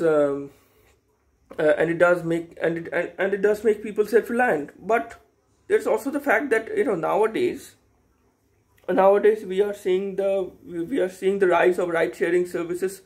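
A man's voice: sits high, a little slow, long pauses, darkish tone. A young man, talking casually to camera in a hesitant, rambling way, full of fillers and restarts. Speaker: YouTuber. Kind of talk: casual unscripted vlog monologue.

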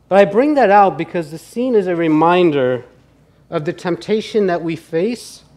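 A male pastor preaches in a conversational, earnest way, dropping his voice quieter on his most serious points. His voice sits a little higher than most men's. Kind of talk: sermon.

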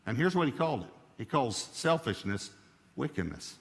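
A man preaching a sermon at a mid-range pitch, driving his points home by repeating them. His voice carries a long reverb, like a large hall. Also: very animated, moderate pace, vocal fry. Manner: emphatic, repeats key phrases for stress. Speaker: pastor.

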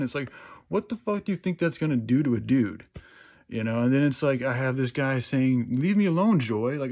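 A man at a middle pitch, speaking straight to his viewers. He rants defensively and rambles, cursing often and restarting his sentences as his agitation builds. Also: darkish tone. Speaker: video channel host. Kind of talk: defensive rant to camera.

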